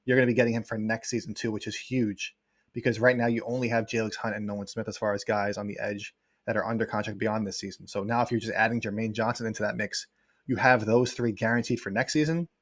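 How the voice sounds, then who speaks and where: A man, a guest sports writer, talking in a casual livestream chat, quick and rambling with many fillers. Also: lowish voice, steady tone, no echo, studio quality.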